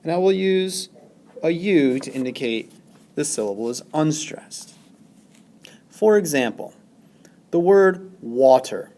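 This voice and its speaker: Male teacher, recorded lesson; slow, deliberate delivery, lively pitch, leans hard on stresses. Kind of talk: recorded classroom lesson narration.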